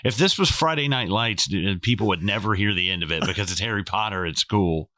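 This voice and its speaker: A man with a lowish voice and a bright edge riffs on a film with a podcast partner. He jokes, swears freely, and launches into incredulous rants. The close microphone keeps the sound dry. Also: a little fast, no echo. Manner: joking and profane, with incredulous rants. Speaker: podcast co-host. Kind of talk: casual film-review chat.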